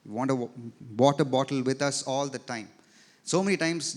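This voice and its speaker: A man preaching a sermon as pastor, telling a story and swelling then dropping his voice for emphasis, in a church sanctuary. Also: mid-range voice. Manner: storytelling preacher, rises and drops in loudness for emphasis.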